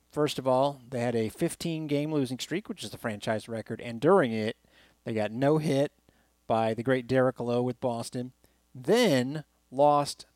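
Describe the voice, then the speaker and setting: A man's voice: medium pitch, darkish tone, no echo. A man hosting a sports talk podcast, rambling through baseball memories with fillers and restarts. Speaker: sports radio host.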